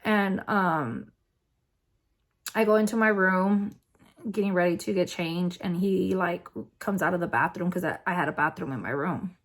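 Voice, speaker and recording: A woman's voice: fairly low pitch, normal speed. A young adult woman vlogger telling a personal story in a casual, rambling way, with lots of fillers. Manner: rambling, filler-heavy, conversational.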